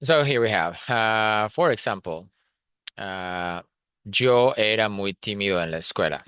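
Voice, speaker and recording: Man, deep and bright. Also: lively intonation, measured pace, clear, resonant tone, dry recording. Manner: thinks aloud with frequent fillers and restarts, switches between Spanish and English. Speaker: Spanish teacher. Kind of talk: explanatory lesson, reading notes and translating.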